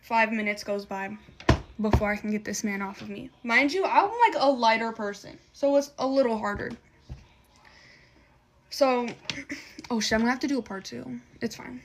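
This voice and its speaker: Casting note: woman with a higher-pitched voice, casual storytime vlogger, blunt and slangy, swears a lot. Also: animated, moderate pace, pauses often, slight background noise. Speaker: storytime creator.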